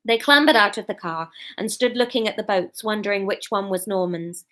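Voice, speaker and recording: A woman's voice: mid-range voice, fairly quick, hardly any pauses, sharp tone. A woman reading her serialized story aloud, chatty and prone to jokey, sweary asides. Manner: chatty, swears, breaks off to laugh and joke.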